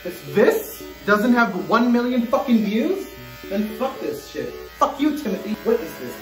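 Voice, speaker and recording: A man's voice: high-pitched, expressive, moderate pace, recorded from a distance. A young man filming a casual vlog who talks dramatically, swearing often and breaking into yelps and shrieks. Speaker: vlogger. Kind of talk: casual self-filmed vlog. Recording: echoey room with music. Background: music.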